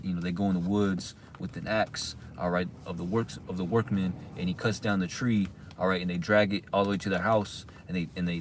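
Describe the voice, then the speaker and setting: A man's voice: low-pitched, slight background noise. A man on a livestream, ranting about religion in a heated, profane way, packing in lots of "all right" and "you know" fillers. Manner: heated and agitated. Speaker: livestream host. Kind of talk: casual religious rant.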